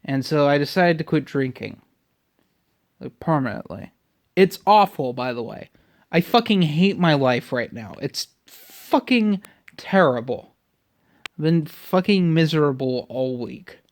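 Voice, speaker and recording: A man's voice: on the high side, expressive, a little slow. Irritated young man ranting, cursing. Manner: profane, irritated griping. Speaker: vlogger. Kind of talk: casual ranting vlog.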